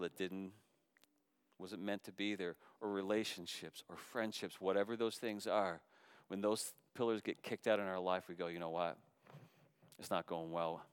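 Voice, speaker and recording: A middle-aged man preaches a sermon in a low, smooth, resonant voice. He rises to loud, fervent calls and then drops to soft, hushed appeals. The sound is dry and close, with no room echo. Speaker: pastor.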